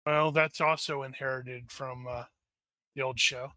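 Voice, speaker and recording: A man playing a tabletop game, talking quickly and jokingly, with frequent restarts. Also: medium pitch, steady tone, sharp tone, no echo. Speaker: player. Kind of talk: casual tabletop game chat.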